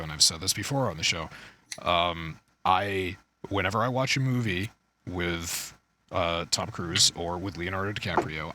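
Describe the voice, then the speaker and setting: A low, sharp-toned man co-hosts a podcast, chatting casually about movies and shows. He rambles, swears and loses his train of thought.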